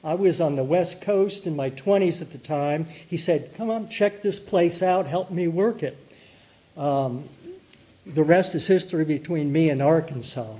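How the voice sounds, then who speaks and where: Older man, mellow and rambling. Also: a little high, measured pace. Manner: relaxed and rambling, with many ums and uhs. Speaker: lay leader lighting the chalice. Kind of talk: casual spoken remarks at a service.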